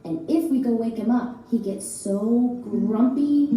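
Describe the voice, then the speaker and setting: Woman librarian, high voice, sing-song call-and-response for kids, distant echoey recording with guitar behind. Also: unhurried, dark tone. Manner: playful, half-sung call-and-response. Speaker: children's librarian. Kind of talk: interactive action chant for children. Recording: echoey room from far off, guitar music.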